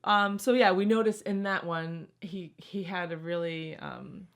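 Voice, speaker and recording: Vocal-fry American woman reacting. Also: fairly low pitch, unhurried. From United States. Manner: chatty, thinking aloud. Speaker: channel co-host. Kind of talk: casual reaction chat.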